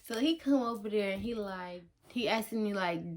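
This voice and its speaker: A young woman vlogger from Detroit tells a story straight to the camera in relaxed, slangy talk. She is animated and acts out her own lines. Her voice sits at an ordinary middle pitch. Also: normal speed.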